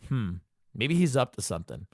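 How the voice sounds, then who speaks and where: A man hosting his own podcast, talking in a loose, rambling way and cursing freely. His voice sits at an ordinary middle pitch. The sound is dry, with no room echo. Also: big pitch swings, normal speed, vocal fry, a little mellow. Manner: profane, jokey, rambling commentary. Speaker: podcast host. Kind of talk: casual solo podcast recap.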